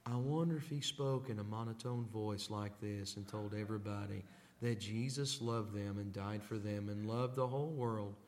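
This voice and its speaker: A man voicing a lifeless preacher who drones in a flat monotone. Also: normal speed, big-room sound, close to an everyday voice. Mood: droning. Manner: flat monotone, low and quiet. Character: dull droning male preacher, lifeless.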